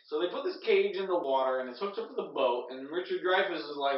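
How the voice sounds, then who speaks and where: A man's voice: fairly high pitch, sing-song, fast talker, few pauses, over music. A drunk man retelling a film as a comedy bit, rambling and swearing, with lots of filler words. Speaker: storyteller. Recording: echoey room, distant mic, dull sound.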